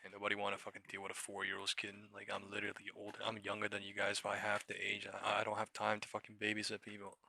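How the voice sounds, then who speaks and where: A man's voice: lowish voice, monotone, fast, gravelly, few pauses, bright, forceful tone, no echo. A young man hosting a live trading stream, swearing freely and mocking viewers in chat. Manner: profane, mocking, reacts to chat. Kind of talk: casual livestream commentary.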